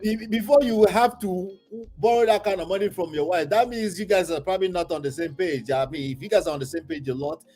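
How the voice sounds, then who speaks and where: Animated man, fairly high voice. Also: fairly quick, hardly any pauses, soft background music. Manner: animated, laughing, mock-exasperated. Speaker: podcast host. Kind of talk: casual reaction chat.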